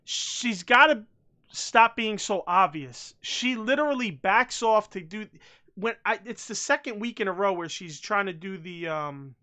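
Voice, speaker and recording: A man's voice: high-pitched, expressive, a little slow, pushed and bright. A man co-hosting a wrestling podcast, talking bluntly in casual chat, swearing freely and restarting his sentences. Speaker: podcast co-host.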